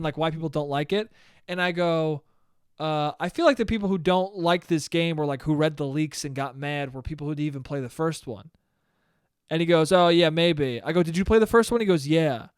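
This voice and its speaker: A young man hosting a solo podcast, telling a story in a ranting, profane, animated way. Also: on the high side, clean tone, dry recording, studio quality. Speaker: podcast host. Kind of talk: solo casual monologue.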